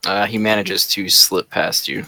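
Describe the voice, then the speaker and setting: A woman running a tabletop game as game master, narrating in a relaxed, casual way. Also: rumbling low, a little slow, dry recording.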